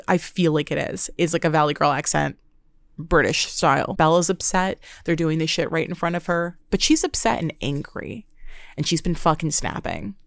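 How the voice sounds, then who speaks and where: A young woman talks through reality-TV drama on her podcast, animated and swearing freely. Her voice sits on the low side, and the sound is dry and close with no room around it. She keeps breaking into quick mimicry of the people she describes. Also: dry recording. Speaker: podcast host. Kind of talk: casual reality-TV recap monologue.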